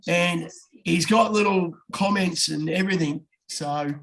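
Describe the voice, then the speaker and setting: A man giving racing tips in casual, blokey chat, swearing freely. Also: fairly bright tone. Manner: blokey, swears freely, talks fast with quick jumps in pitch.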